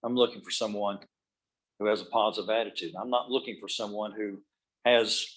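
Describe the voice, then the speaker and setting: A middle-aged man with a somewhat low voice gives a motivational speech in a meeting room. He tells workplace stories in an easy, storytelling way. He drops his voice low and soft when he wants a point to land. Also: fairly even intonation, fairly quick, poor audio. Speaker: motivational speaker. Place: meeting room with live and video-call audience.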